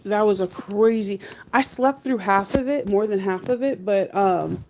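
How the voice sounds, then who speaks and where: A woman's voice: mid-range voice, a little slow, a little mellow, a little hiss or hum. A woman vlogging in a chatty, rambling way, laughing often and acting out her stories, talking from her car. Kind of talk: casual chat.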